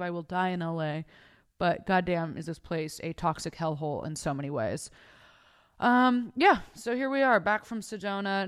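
A woman's voice: lowish voice, clear, resonant tone. A young adult woman hosting a podcast from her bed, telling a story in casual, profane chat on a close mic. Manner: profane, animated, acts out voices in her stories. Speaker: podcast host. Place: bedroom at home. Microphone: close mic in front of her face.

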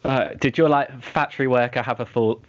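An interviewer asking casual questions, enthusiastic, with quick affirmations. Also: medium pitch, steady tone. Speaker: interviewer, host. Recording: dull lo-fi sound.

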